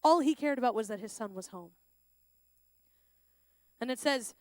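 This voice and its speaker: A woman giving a lively sermon at a school chapel, acting out the lines of the story's characters. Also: on the high side, normal speed, pauses often, no echo, studio quality. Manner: animated, plays out the characters' lines. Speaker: chapel speaker.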